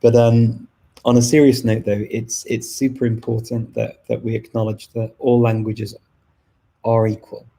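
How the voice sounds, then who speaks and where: A middle-aged man from Liverpool with a softened northern English accent, talking casually and thoughtfully to viewers in a live stream, with frequent restarts. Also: medium pitch, level tone, normal speed, gravelly, poor audio. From Liverpool, England. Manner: thoughtful, many restarts and fillers. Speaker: language channel host.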